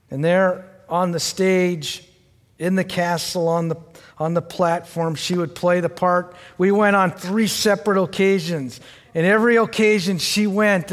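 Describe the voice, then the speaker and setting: An older man preaching a sermon, telling a personal family story in a conversational way and addressing the congregation directly. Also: sits high. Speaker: pastor. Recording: long hall reverb.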